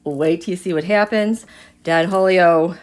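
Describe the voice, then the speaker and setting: A woman's voice: fairly low pitch, unhurried. Dramatic, chatty woman reading tarot live. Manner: dramatic, swings from hushed asides to excited outbursts; chatty, addresses viewers directly. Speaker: tarot reader and livestream host.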